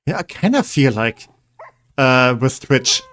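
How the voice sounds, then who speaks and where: A man's voice: medium pitch, big pitch swings, takes it slowly, a bit bright. Man, game streamer, casual commentary, rambling, mid-range voice. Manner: chatty, rambling, coaxing pets.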